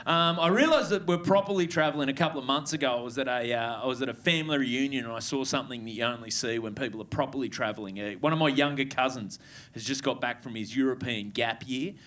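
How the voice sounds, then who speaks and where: A man's voice: medium pitch, fast, fairly bright tone. A man in his thirties with an Australian accent, doing a laid-back, sweary stand-up set and chatting with the crowd. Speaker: stand-up comedian. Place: comedy club stage with audience.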